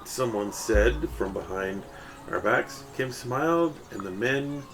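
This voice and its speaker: A man's voice: mid-range voice, expressive, slow pace. A man reads a first-person story aloud in a mid-range voice. His delivery is casual and he corrects himself along the way. Music plays steadily behind him. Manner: casual reading with self-corrections.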